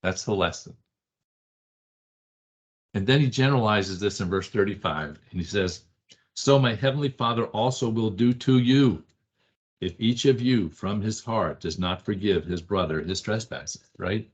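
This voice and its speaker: The Bible study teacher here has a lowish, slightly rough voice and speaks a little slowly. Conversational and emphatic, he repeats short phrases and keeps asking his class "right?" The classroom recording is dull and lo-fi.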